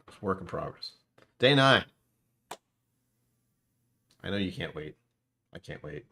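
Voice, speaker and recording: A man with a lowish voice hosts a casual live stream at his computer. He rambles, second-guesses himself and greets chat as he goes. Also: expressive, a little slow, vocal fry, long pauses, sharp tone, husky. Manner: rambling, self-correcting, talks to chat. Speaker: whiskey stream host.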